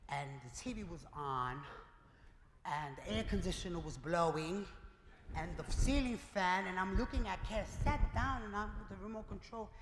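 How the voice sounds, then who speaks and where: A man giving a keynote speech, telling his own story in a lively way and acting out the dialogue. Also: high voice, moderate pace. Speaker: keynote speaker. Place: event hall before a live audience. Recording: reverberant hall with clear noise.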